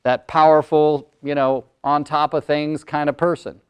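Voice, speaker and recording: An older man giving a lively workshop talk, loud and fast with many words. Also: on the high side, clean tone. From California. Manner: energetic, talks loud and fast with lots of words. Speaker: motivational speaker and coach. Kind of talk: live workshop presentation.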